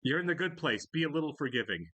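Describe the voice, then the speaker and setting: Lively laughing male reaction host. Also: fairly high pitch, quick pace, no room sound, lo-fi sound. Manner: laughs often, chatty. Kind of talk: casual reaction chat.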